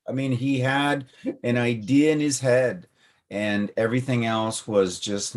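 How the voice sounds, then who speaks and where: A man's voice: mid-range voice, takes it slowly. A man co-hosting a talk show, explaining ideas loosely with playful examples in casual chat. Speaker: podcast co-host.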